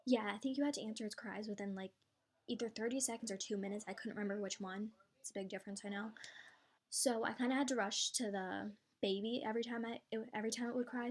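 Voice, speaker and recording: A teenage girl vlogging casually, chatty and flustered, with lots of fillers and sudden panicked outbursts. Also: medium pitch. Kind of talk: casual vlog with a baby simulator.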